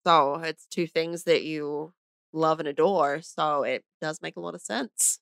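A chatty woman from Australia in her thirties talks casually with her partner, laughing easily and leaning on "like". Her voice sits a little low for a woman. The recording is close and dry, with no room sound. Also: fairly even intonation, measured pace, creaky, fairly bright tone, clean tone, dry recording. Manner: chatty, laughs often, uses "like" a lot. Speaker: podcast guest, host's wife. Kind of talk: casual chat.

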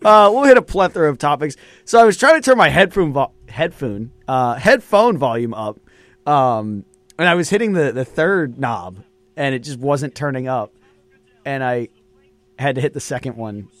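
A man's voice: medium pitch, animated, moderate pace, dry recording. A young man hosting a college radio sports talk show, in casual banter full of laughs and fillers.

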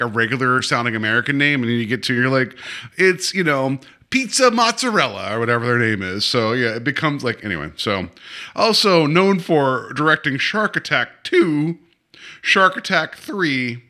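A man co-hosting a casual film podcast, rambling and animated, with many restarts and asides. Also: mid-range voice, normal speed. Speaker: podcast co-host. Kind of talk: casual chat about films.

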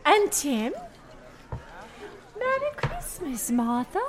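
A woman's voice: high voice, wildly swooping pitch, slow, heavily acted. A woman playing a sweet daughter in a comedic live stage reading, slipping into giggly ad-libs. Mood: affectionate. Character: Martha and Tiny Tim, sweet daughter. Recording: loud laughing audience. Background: crowd laughter.

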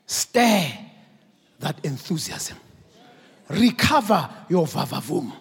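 Pastor, husky voice, unhurried sermon delivery that swells to shouts. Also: male voice, high voice, expressive. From South Africa. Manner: builds from quiet, slow teaching to shouted exhortation. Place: large church hall. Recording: long church hall reverb.

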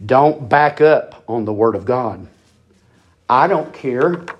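A man's voice: medium pitch, animated, slow pace, highs cut off. A man preaching a sermon, emphatic and repetitive, building in intensity.

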